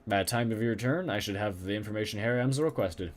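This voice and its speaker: A man's voice: on the low side, quick pace, lightly acted. A man voicing a polite, scheming male café owner in a game, speaking with an exaggerated formal manner and a put-on accent. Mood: smooth persuasion.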